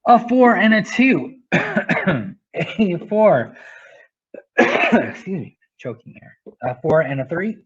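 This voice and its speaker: A man's voice: high-pitched, wildly swooping pitch, takes it slowly, pauses often, husky, lo-fi sound. A male teacher explaining a math lesson step by step, often checking in with "right?".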